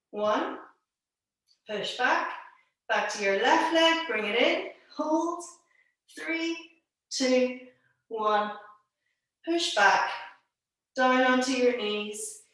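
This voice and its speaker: Slow-speaking woman leading a pilates class. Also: on the high side. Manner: calm instructing, counting holds aloud. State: a little out of breath. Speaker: pilates instructor. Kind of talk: live online exercise class. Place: at home. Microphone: video call. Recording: echoey room, distant mic.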